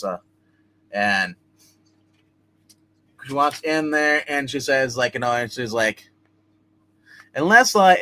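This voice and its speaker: A man's voice: medium pitch, sharp tone, low-quality recording. A man hosting a live comic review, recapping an issue in a rambling, casual way with many fillers and restarts. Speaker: comic review show host.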